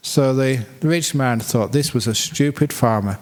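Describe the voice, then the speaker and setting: A male Buddhist monk telling a fable in a relaxed dharma talk. His middle-pitched voice stays chatty and humorous, and he laughs at his own jokes. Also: normal speed, few pauses.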